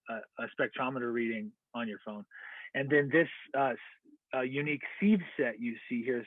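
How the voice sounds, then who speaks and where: A slightly high-voiced American man lectures online, explaining each step and often using fillers or correcting himself. The audio is tinny and phone-like, completely dry with no room sound.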